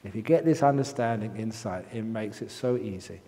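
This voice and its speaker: A man's voice: fairly low pitch, moderate pace, dark tone. An older man, a Buddhist monk, giving a humorous dharma talk at a meditation retreat, telling jokes and stories with the odd cough. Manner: joking storyteller, occasional coughs. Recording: long hall reverb.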